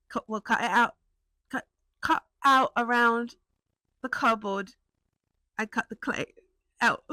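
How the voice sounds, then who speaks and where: A young British woman chatting casually in a vlog about her small craft business, rambling and laughing often and jumping up into high excited tones. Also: no room sound. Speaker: small business owner and vlogger.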